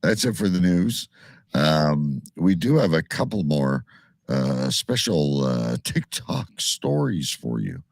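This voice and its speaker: A man hosts a comedic talk radio show with a low, gravelly, husky voice that leaps all over its range. He jokes crudely, swears and laughs through the banter. The sound is dry and close. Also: very animated, slow pace, no echo. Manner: loud laughing, swearing, jokey.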